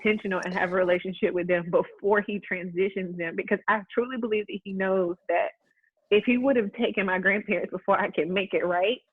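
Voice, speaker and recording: A woman's voice: medium pitch, fairly even intonation, fairly quick, slightly rough, no room sound. Earnest woman host on a tinny line. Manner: heartfelt, earnest, many "like"s and restarts. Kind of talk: casual faith chat.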